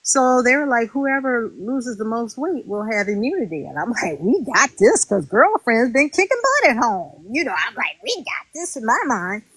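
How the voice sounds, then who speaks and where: Former reality contestant, woman, higher voice, close dry mic, animated and aggrieved. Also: moderate pace, hardly any pauses, breathy edge, no echo, rough recording. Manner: animated and indignant, acts out quotes. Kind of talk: casual interview storytelling.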